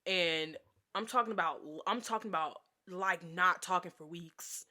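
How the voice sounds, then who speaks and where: A woman's voice: fairly low pitch, unhurried, pushed and bright. A young woman telling a casual storytime vlog, chatty and exasperated, with lots of filler words. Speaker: vlogger.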